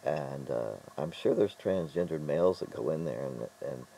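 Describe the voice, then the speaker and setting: Middle-aged man, very deep voice, mellow tone, casual vlog, rambling, halting restarts. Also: animated, vocal fry, husky, poor audio. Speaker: vlogger.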